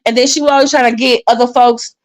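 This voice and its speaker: A woman hosting a casual gossip commentary vlog, animated and sassy. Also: fast. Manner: animated, sassy, mimics others, jumps pitch often. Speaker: commentary channel host.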